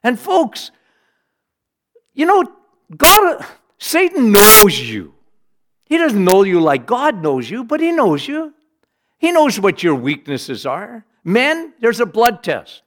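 A middle-aged man preaching a sermon, animated, rising to emphatic bursts and dropping low for weight. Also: slow pace, pauses often.

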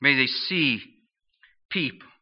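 A man's voice: mid-range voice, animated. Earnest preacher man, lo-fi sound. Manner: earnest, questioning, pausing between phrases. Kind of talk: sermon. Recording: dull lo-fi sound.

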